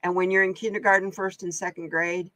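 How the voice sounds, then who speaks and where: A woman's voice: on the low side, flat delivery, a bit bright, no echo. Chatty, laughing woman from Oregon. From Oregon, USA. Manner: chatty, exclamatory, quick to laugh. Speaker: host and card reader. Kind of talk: casual live-stream chat.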